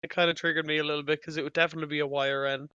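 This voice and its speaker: A man's voice: a little high, flat delivery, rapid-fire, sharp tone, smooth, no echo, muffled recording. A man chatting casually on a podcast film commentary, laughing and questioning. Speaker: podcast co-host.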